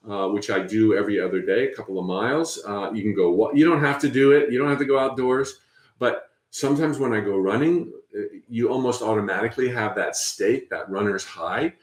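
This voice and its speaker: A man hosting a spiritual workshop, talking in a gentle, encouraging way with frequent fillers and restarts. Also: medium pitch, roomy sound. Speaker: workshop host. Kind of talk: guided spiritual workshop talk.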